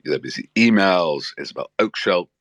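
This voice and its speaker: A man speaking as a political commentator in an earnest, animated way, often stopping to restart his sentences. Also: low voice, a little fast, no echo. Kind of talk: spoken talk with stops and restarts.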